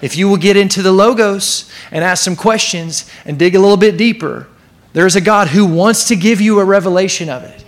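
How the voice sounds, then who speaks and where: A man pastor preaching to his church in an animated way, sometimes acting out the voices in the story. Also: high-pitched, fairly quick. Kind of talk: sermon.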